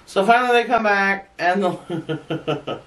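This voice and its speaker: A woman's voice: medium pitch, slow pace, recorded from a distance. Chatty, laughing woman vlogger. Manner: chatty and frank, laughing often, with blunt swearing. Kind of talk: casual storytelling to camera.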